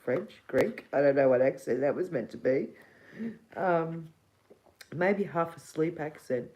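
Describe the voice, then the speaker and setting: A woman's voice: low-pitched, unhurried, a little mellow, poor audio. A middle-aged Australian woman hosting a casual livestream, rambling and giggly, swearing casually. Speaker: livestream host.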